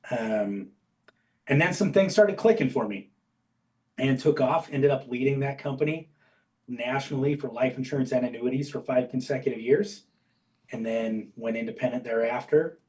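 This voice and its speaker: A man telling his career story as an interview guest, candid and animated, acting out bits of dialogue. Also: mid-range voice, normal speed, recorded from a distance, low-quality recording. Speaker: guest, insurance agency owner and coach.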